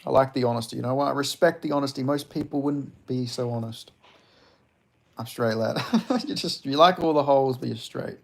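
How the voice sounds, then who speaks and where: Young male streamer, gravelly fry, loose, laughing, swears freely. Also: mid-range voice, steady tone, a little fast. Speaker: livestream host reading chat. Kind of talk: casual stream chat.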